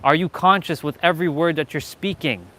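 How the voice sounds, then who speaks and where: Man, motivational livestream host, slightly higher voice, energetic and emphatic, clip-on mic. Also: brisk, slight background noise, low-quality recording. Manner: energetic, repetitive, emphatic, swears casually. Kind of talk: casual motivational livestream talk. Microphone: small clip-on mic.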